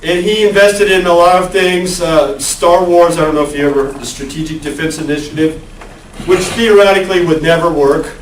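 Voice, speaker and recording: A man's voice: on the high side, fairly even intonation, fairly quick, a little hiss or hum. A male college lecturer giving a conversational classroom lecture and asking the class questions. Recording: echoey classroom, far from the mic.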